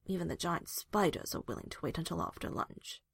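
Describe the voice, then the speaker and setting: A woman's voice: on the low side, lively intonation, moderate pace, creaky, slightly rough, heavily acted. A woman voicing a groggy young woman buried in blankets, mumbling and whiny with sleep. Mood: sleepy grumbling.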